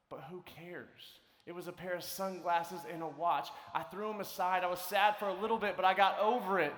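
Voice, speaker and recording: A high-voiced man preaching to a crowd of students through stories. His delivery swings between loud, animated stretches and quiet, hushed ones. The voice echoes through a large hall with a long reverb. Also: normal speed, hardly any pauses. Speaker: conference speaker. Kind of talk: storytelling sermon to students.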